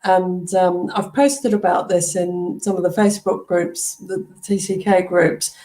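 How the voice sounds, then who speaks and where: A woman's voice: fairly low pitch, fairly even intonation, measured pace, warm tone, rough recording. A woman with an accent between British and Australian, talking candidly and reflectively as a guest in a casual interview. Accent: mixed British and Australian. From UK, Australia and Kenya. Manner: reflective, candid, laughs lightly. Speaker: podcast guest, TCK coach.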